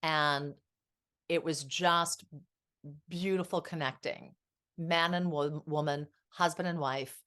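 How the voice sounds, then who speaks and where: A marriage and family therapist in her fifties appears as a guest on a candid podcast interview, speaking in a heartfelt, reflective way. Her voice sits low and is a bit bright, with a steady tone and slow pace.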